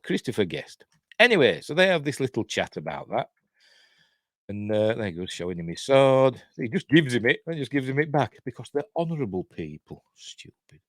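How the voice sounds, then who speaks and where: A man with a fairly low voice talks through a film in a rambling, offhand way, full of sardonic asides and little chuckles. His pitch jumps around a lot as he goes. The sound is dry and close, with no room around him. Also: no room sound. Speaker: film reviewer. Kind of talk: casual film commentary.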